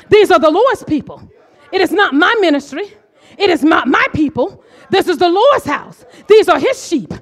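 A middle-aged woman preaching a sermon, impassioned, swinging from hushed asides to shouted declarations. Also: very high-pitched, animated, normal speed.

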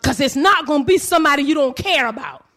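A woman preaching with a very high, bright voice that rises and falls across a wide span. She lingers over slow, repeated phrases and breaks into fervent cries. Her delivery is a full sermon, never conversational. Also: expressive. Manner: impassioned, swinging from low murmurs to shouted cries; drawn-out, rhythmic phrasing with repetitions.

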